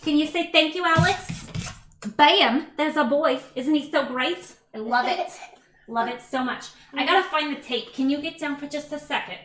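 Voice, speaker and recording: This cooking stream host and mother chats in a bubbly way from her home kitchen, reading viewers' comments and addressing her toddler. Her voice sits high and is a bit bright, at normal speed, and the recording is low quality.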